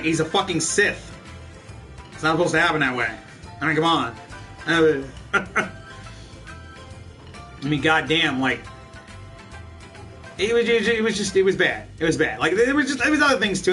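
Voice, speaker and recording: Brief: fairly high-voiced guy, sits back from the mic, cussing gamer rant. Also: animated, moderate pace, long pauses, bright, forceful tone. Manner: profane, ranting, laughs often. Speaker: let's play host. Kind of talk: casual gameplay commentary chatting with viewers. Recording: distant mic with game music behind.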